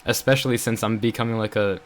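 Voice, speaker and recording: A man's voice: on the low side, steady tone, quick pace. A young adult man telling a story in a casual vlog, rambling with lots of fillers and venting his frustration. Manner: rambling, filler-heavy, frequent "bro" and "like". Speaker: vlogger.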